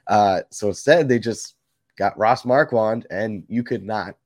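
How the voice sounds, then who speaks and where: Male podcast co-host, low register, dry close mic, chatty and animated. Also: a little slow, dry recording. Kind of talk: casual chat.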